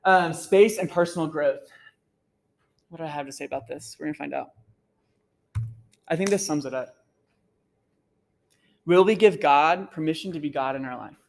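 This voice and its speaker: Earnest campus minister, casual filler-heavy talk. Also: male voice, on the high side, moderate pace, vocal fry, long pauses, rough recording. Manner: conversational, full of "like" and "um" fillers; earnest, personal storytelling. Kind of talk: casual faith talk to students. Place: gathering room at a campus center, live audience.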